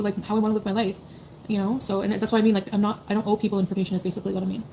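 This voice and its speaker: Woman streamer in her 30s, rapid and blunt, swears freely, faint background hiss. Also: medium pitch, fairly even intonation, creaky, warm tone. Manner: blunt, profane, rambling with many "like"s and "you know"s. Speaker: streamer talking to chat. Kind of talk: casual livestream chat.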